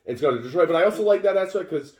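A man's voice: high-pitched, animated, rapid-fire, a little mellow. A man in casual conversation about films, rambling, swearing freely and filling his talk with "like". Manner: rambling, swears a lot, fills with "like". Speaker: podcast co-host. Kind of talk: casual film discussion. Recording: roomy echo.

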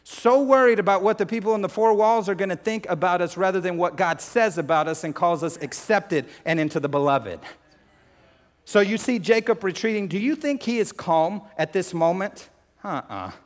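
Pastor, male, higher voice, lively sermon delivery, long hall reverb. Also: normal speed. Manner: animated, acts out scripture scenes.

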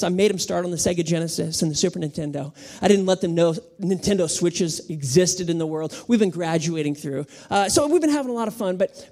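A man in his thirties, a pastor preaching a sermon with animated, humorous storytelling. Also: high voice.

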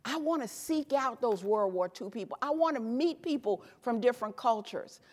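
Woman, 50s, from Tennessee, high voice, emphatic motivational keynote speaker, stage mic in a reverberant hall. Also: normal speed. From Tennessee, USA. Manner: animated, emphatic, punchy repeated phrases. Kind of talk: motivational speech. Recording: echoey hall with long reverb.

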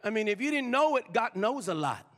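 A male pastor preaching a sermon in a church, swinging from loud shouts down to hushed whispers. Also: high voice, very animated, fairly quick. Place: church sanctuary. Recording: long reverb of a large hall.

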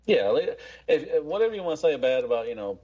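Husky-voiced male podcast host. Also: on the high side, very animated, fast talker, warm tone, dull audio. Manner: rambling, loose, swears freely. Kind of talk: casual chat.

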